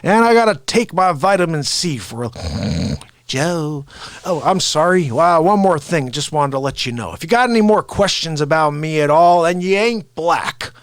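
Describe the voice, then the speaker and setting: A man's voice: on the high side, expressive, no echo, close to an everyday voice. A man doing an impression of a forgetful, rambling elderly male politician who talks in a muddled, flustered way. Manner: halting, muddled, easily flustered.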